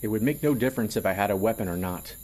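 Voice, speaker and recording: A man's voice: lowish voice, very fast, a little mellow, natural voice. A man voicing an impatient male general with a robotic voice, speaking in a dry, sarcastic way.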